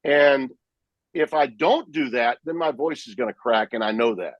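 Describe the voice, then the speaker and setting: A man, a sports broadcaster, telling lively stories about calling games in a podcast interview. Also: mid-range voice, moderate pace, no room sound, lo-fi sound. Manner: animated, vivid storyteller who acts out his own play calls. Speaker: sportscaster guest.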